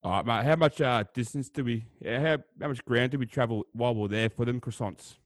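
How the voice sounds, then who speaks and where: A man's voice: medium pitch, a little fast, dry recording. A man co-hosting a podcast, teasing and chummy, reading out facts between banter. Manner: chummy, teasing, says "mate" often. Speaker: podcast co-host.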